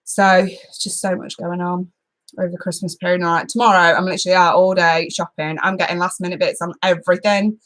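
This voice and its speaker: A woman's voice: on the low side, level tone, brisk, fairly bright tone. A young woman hosting a casual live stream, chatting with her viewers and often laughing and swearing. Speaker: tarot channel host.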